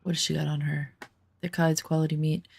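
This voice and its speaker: Gravelly low-voiced woman gaming. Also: little pitch movement, a little fast, darkish tone. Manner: rambling, chatty storytelling. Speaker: gaming streamer. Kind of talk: casual chat while gaming.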